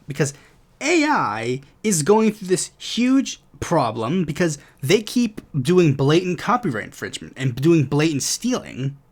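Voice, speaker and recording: A young man rants through his political commentary, swearing freely and dripping with sarcasm. His voice sits a little high for a man and swings widely in pitch as he goes. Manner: ranting, profane, sarcastic. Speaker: podcast host.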